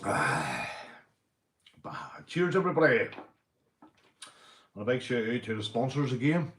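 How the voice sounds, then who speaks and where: A man's voice: medium pitch, big pitch swings, unhurried, background noise. A Northern Irish man hosting a casual livestream, rambling and boisterous, a few beers in, calling everyone "mate". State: drinking beer. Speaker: livestream host. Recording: echoey room.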